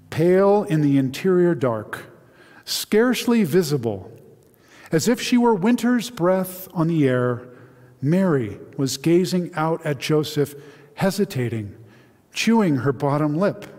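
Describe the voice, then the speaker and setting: A man's voice: sits high, a little mellow. A man preaching a sermon in an earnest, openly moved way, reading a story and leading a prayer. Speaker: pastor. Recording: reverberant hall.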